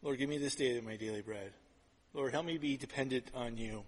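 A middle-aged pastor preaching a sermon, telling stories in an animated, conversational way with quick repeated restarts. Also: male voice, medium pitch, slightly rough. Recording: long hall reverb.

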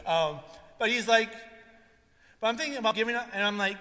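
High-voiced pastor preaching in a reverberant hall. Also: male voice, fast talker. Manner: animated storytelling, acts out quotes. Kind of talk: sermon.

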